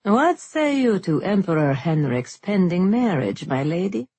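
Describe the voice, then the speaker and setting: Lady reading as a polished proud guildmaster guy, higher voice, husky, dry close sound. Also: big pitch swings, a little slow, darkish tone, no echo, exaggerated voice. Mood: polite. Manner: courteous, smoothly proud. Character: polite genteel male silk guildmaster.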